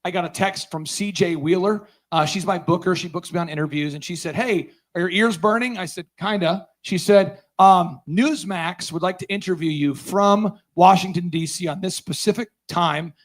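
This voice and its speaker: A man's voice: high-pitched, normal speed, hardly any pauses. A man giving a storytelling talk at a conference, acting out the dialogue he quotes. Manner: animated, acts out quoted dialogue. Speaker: conference speaker.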